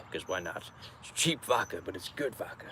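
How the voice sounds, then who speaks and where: A rambling, joking male farmer talking casually to his livestream viewers from a roadside stand. He laughs often and wanders from thought to thought. Passing traffic is clearly heard in the outdoor recording. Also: sits low, expressive, normal speed, sharp tone. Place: outdoors beside a busy road.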